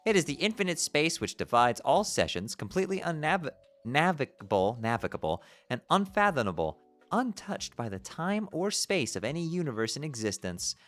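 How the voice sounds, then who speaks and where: A man's voice: on the high side, big pitch swings, moderate pace, fairly bright tone, soft background music, pitched above the performer's own voice. A man voicing a bubbly, regal teenage sea-troll princess who drops "glub" into her speech as he reads a webcomic aloud. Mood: airy explaining.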